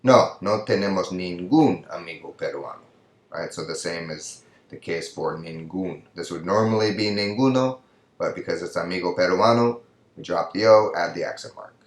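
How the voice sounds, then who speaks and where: In a recorded lesson over slides, a male Spanish teacher speaks at a moderate pace in a low voice, and the sound is roomy. He explains things patiently and keeps checking in with "right?".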